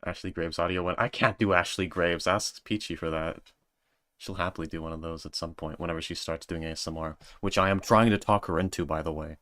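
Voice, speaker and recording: A man's voice: low voice, steady tone, fairly quick, a bit bright, no room sound, clean studio sound. A man streaming and reading viewer comments in a joking, self-mocking casual chat.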